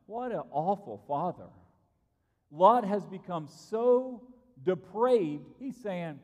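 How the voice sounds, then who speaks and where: A man's voice: high-pitched, animated, takes it slowly. A man preaching a sermon in a church, emphatic and repeating key phrases for stress. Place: church sanctuary. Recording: long reverb from a church hall.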